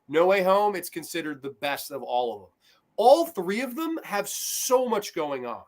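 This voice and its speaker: A man talking in a relaxed podcast conversation. His voice sits a bit higher than most. He is animated and loose, swears freely and drifts through fillers and restarts. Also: normal speed. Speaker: podcast co-host. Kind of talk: casual podcast chat.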